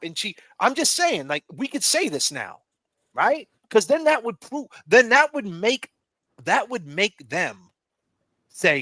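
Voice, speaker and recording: Man hosting a stream, high lively voice, bright, profane and animated, dry close sound. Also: a little slow, no echo. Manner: animated, profane, riffing with mock taunts. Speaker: livestream host. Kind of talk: casual heated chat.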